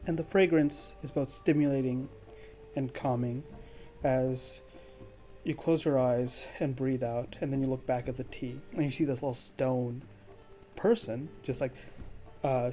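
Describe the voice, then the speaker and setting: A man running a tabletop game in a dark, mellow voice. He describes scenes casually and leans on many fillers. Soft music plays faintly under him. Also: mid-range voice, steady tone, measured pace. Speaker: game master.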